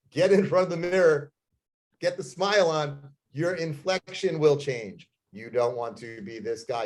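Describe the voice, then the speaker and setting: A man's voice: a little high, a little mellow. A man talks real estate sales in an intense, emphatic way. He speaks plainly and drives each point home, like a trainer coaching a room. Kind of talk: motivational sales talk.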